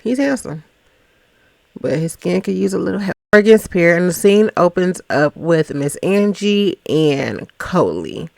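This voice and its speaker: A woman's voice: on the low side, lively intonation, measured pace, creaky, a little mellow, no echo. A woman hosting a casual reality TV recap, chatty and gossipy with teasing asides.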